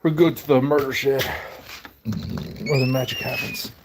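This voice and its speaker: A man rambles and cracks jokes into his phone as he walks through a cold outdoor scene. His pitch swings widely and he talks at an unhurried pace, bursting into mock outrage now and then. Loud wind noise roars over the phone mic. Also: huge pitch swings. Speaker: vlogger. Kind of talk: joking vlog while walking in snow. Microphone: phone held while walking.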